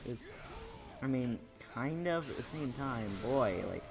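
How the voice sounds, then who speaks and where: A man's voice: mid-range voice, expressive, measured pace. A young man casually commenting on a video game as he plays, rambling through lore with lots of fillers and restarts. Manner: rambling, filler-heavy storytelling. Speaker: gaming YouTuber. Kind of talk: casual let's play commentary.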